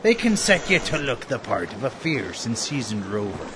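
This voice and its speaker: A man playing a gruff, bossy pirate bosun, speaking old-timey pirate dialect in a booming, hearty manner. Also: sing-song, normal speed, lightly acted. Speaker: ad pitchman in character. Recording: noisy recording.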